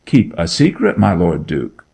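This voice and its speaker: A man's voice: deep voice, very animated, measured pace, darkish tone, slightly rough, exaggerated voice. A man reading a story aloud, voicing a timid young shepherd boy who pleads in a frightened country dialect. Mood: eager.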